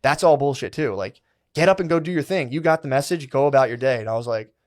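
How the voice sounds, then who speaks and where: A man's voice: mid-range voice, fast talker. A man in his thirties, a podcast co-host, telling a rambling, profane story in a casual chat and acting out what people said. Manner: rambling, profane, animated retelling with quoted inner voices.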